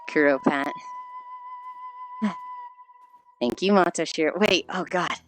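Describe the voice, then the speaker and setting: A woman streaming while she walks on a treadmill, sounding squeaky and chipmunk-like through a failing headset mic, sighing often and swearing casually as she greets viewers. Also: slow pace, faint music behind, poor audio. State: walking on a treadmill while talking. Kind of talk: casual live-stream chat.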